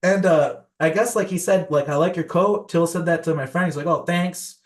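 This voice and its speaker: Young male podcast guest, rambling storyteller, slightly higher pitch, loose casual delivery. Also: normal speed. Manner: rambling, filler-heavy, many restarts.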